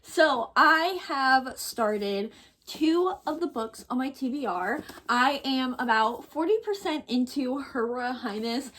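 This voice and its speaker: A woman's voice: high voice, fairly bright tone. A young woman in a casual vlog, gushing and chatty with fillers as she talks about her reading. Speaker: book vlogger.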